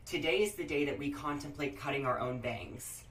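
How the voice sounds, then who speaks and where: A woman's voice: low voice, moderate pace, soft background music. A woman talking straight to camera in an upbeat vlog style, bubbly and sing-song with chirpy sign-offs. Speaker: social media video creator.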